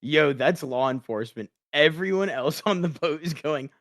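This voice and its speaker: A young man in casual podcast chat, laughing often and self-deprecating, with halting restarts. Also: fairly high pitch, lively intonation, fairly bright tone, no echo, clean studio sound. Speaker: podcast guest.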